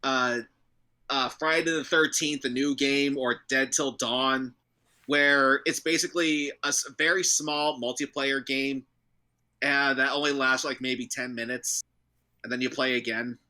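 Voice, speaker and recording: A man's voice: mid-range voice, fairly even intonation, measured pace, bright, forceful tone. A man co-hosting a casual talk show, joking around, laughing often and stumbling over his words. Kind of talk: casual podcast chat.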